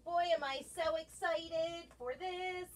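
Breathless high-pitched lady livestreaming, chatty, talks slow and drawn out. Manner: chatty, excitable, greets viewers by name. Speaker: craft vlogger hosting a livestream. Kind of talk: casual livestream chat.

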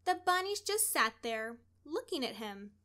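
A woman reading a children's story aloud in an expressive, deliberate storytelling manner. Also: sits high, a little hiss or hum. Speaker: storybook reader.

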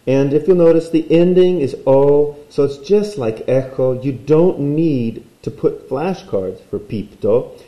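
A man's voice: a little high, measured pace, dark tone, reverberant, poor audio. A man teaching a recorded language lesson, playful and explaining while he draws.

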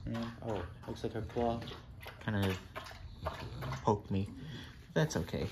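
A man filming his dogs at home, chatting casually and slipping into playful baby talk that jumps up high. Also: fairly even intonation, slow. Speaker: dog owner filming his pets. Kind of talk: casual home video chat. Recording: home video with clear background noise.

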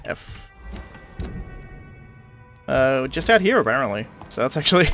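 A man's voice: mid-range voice, big pitch swings, a little slow, fairly bright tone. A man with an Australian accent giving casual, thinking-aloud commentary while playing a game, with frequent ums. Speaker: let's-play host. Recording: faint game music behind.

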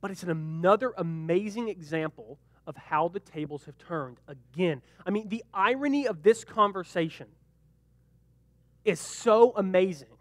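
A young man leading a youth group Bible lesson, joking and animated, briefly acting out the characters in the story. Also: high-pitched, no echo. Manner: animated and joking, acts out quick character voices. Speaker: youth pastor.

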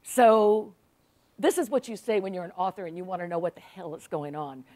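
A woman's voice: on the low side, lively intonation, brisk, mellow. A woman, an author telling humorous stories to a live audience at a library, chatty and laughing often. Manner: chatty, laughs often, acts out quoted voices. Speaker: author giving a talk. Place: public library event room.

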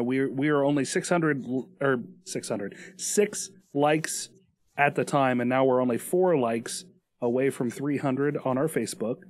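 A man's voice: fairly high pitch, no echo. A man co-hosting a podcast in casual chat, joking and rambling with restarts and laughs. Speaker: podcast co-host.

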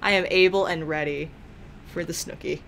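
A woman's voice: low-pitched, steady tone, normal speed, gravelly, a bit bright, slight background noise. A woman voicing a brash, eager young woman sim. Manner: brash, swearing, bold come-ons.

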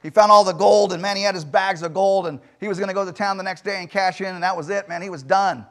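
A male pastor preaching a sermon in a church, emphatic, firing rhetorical questions and swinging between loud and soft delivery. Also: high-pitched, fairly even intonation, fast. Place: church sanctuary.

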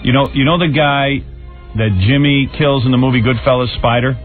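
A man's voice: medium pitch, steady tone, brisk, soft background music. A man hosting a radio talk show, wry and offhand, chuckling between remarks. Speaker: radio host. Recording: tinny phone-like radio broadcast.

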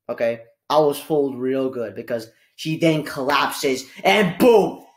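A young woman reviews a movie with spoilers in a casual, excitable way, rambling and restarting often as her voice shifts between quiet mumbles and shouting.

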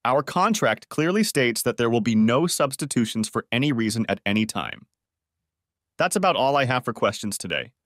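Bitter, sarcastic betrayed husband, read by a man, expressive ups and downs. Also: medium pitch, moderate pace, no echo, clean studio sound. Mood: weary.

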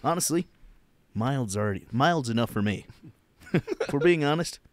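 A man's voice: medium pitch, animated, moderate pace, no echo. A young man hosting a comedy podcast, telling rambling, giggly stories in casual chat.

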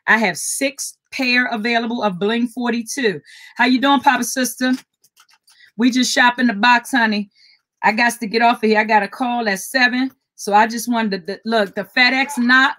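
A woman's voice: fairly high pitch, steady tone, normal speed, sharp tone. An older woman hosting a live jewelry sales stream, chatting with viewers and repeating item codes.

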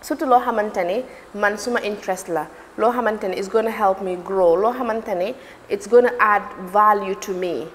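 A woman's voice: medium pitch, normal speed, hardly any pauses. A woman from Gambia, a TV presenter, talking as an interview guest, switching between Wolof, English and French and telling stories with animation. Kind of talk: interview conversation. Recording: long reverb, faint room noise.

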